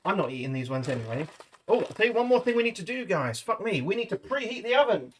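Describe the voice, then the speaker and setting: A British man with a high-pitched, fast voice and big swings in pitch chats casually with his livestream viewers from his home kitchen. He swears freely as he cooks and talks.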